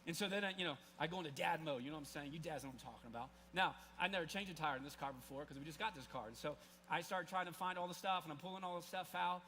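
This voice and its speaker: A man's voice: on the high side, rapid-fire, few pauses, pushed and bright, slight background noise. A man in his forties preaching a sermon to a live congregation, telling a personal story in a loose, conversational way full of restarts and asides. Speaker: pastor. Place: church service, live before a congregation.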